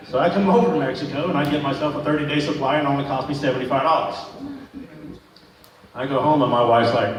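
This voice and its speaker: A man with a medium-pitched voice talks at a quick clip during a stand-up set, telling crude, self-mocking stories to a small club crowd. The mic sits far off in an echoey room, with faint noise underneath.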